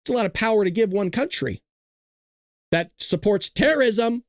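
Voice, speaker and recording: A male host of a live talk show reads headlines and mocks them. His voice sits high for a man, and the sound is dry and close with no room around it. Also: expressive, moderate pace, vocal fry, no echo. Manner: sarcastic, mocking, reads news aloud.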